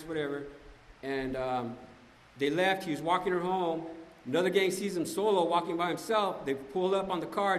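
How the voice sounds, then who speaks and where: A man's voice: a little high, fairly bright tone. A man giving a conversational, emphatic personal testimony at a recovery meeting, often asking "right?". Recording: echoey hall, faint ambience.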